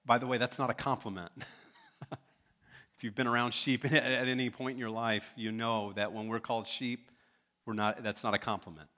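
A man preaching a sermon in a church, talking in a relaxed way and making joking asides to the congregation. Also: mid-range voice, moderate pace. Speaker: pastor. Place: church sanctuary.

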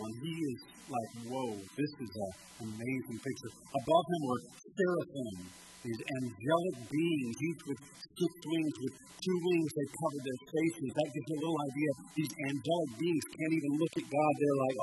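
A man's voice: on the high side, normal speed, music in the background, poor audio. A man preaching a sermon as pastor, emphatic and conversational, with light asides and restarts. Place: small-town church sanctuary.

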